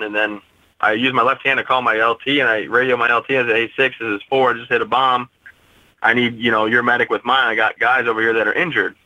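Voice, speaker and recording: A man in his twenties telling a personal story as an interview guest, steady and matter-of-fact. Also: mid-range voice, no room sound, low-quality recording. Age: 20s.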